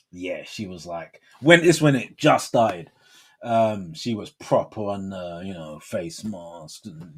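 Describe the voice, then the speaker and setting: With a fairly low, husky voice, a forties-aged man hosts a livestream. He keeps things casual, rambling in slang and laughing a lot.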